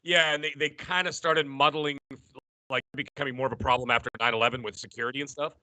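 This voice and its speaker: A man's voice: medium pitch, fast talker, no echo. A Canadian man chatting on a gaming show, ranting and laughing a lot, with a voice he says is worn out. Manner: animated, ranting, laughs often. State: losing his voice. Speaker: show regular. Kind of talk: casual chat. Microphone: headset.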